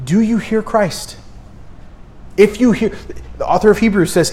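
A man's voice: high voice, a little slow, long pauses, darkish tone. A man preaching a sermon as pastor, emphatic, asking the congregation rhetorical questions and repeating key words.

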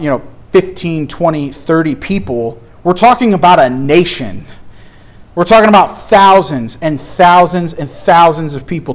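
A man teaching a Bible study lesson from slides, talking in a conversational, emphatic way and often restarting his phrases. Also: fairly high pitch.

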